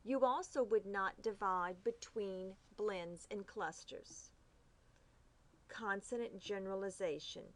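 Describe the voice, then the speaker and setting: A woman teaching phonics rules, reading each rule slowly and carefully, sounding out the letters. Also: medium pitch. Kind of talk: phonics lesson.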